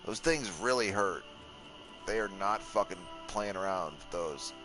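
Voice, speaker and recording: A man's voice: on the low side, lively intonation, a little slow, pushed and bright, faint music behind, low-quality recording. A man giving casual gaming commentary, joking, swearing and mocking himself as he plays. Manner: profane, joking and self-mocking. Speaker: let's play gamer.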